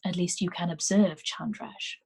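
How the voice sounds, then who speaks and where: A woman reading aloud, voicing a composed young female illusionist who speaks calmly and precisely. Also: lowish voice, moderate pace, gravelly, breathy edge.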